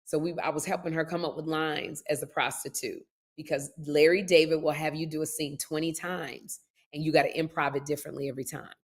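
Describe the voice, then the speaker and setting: Low-voiced woman podcast host. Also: fairly quick, few pauses. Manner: animated storyteller, lively retellings with laughs. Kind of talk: casual chat.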